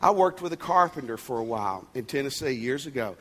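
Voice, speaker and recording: A man's voice: mid-range voice, expressive, brisk, a bit bright. A male pastor giving a sermon, conversational and emphatic, with folksy asides and jokes.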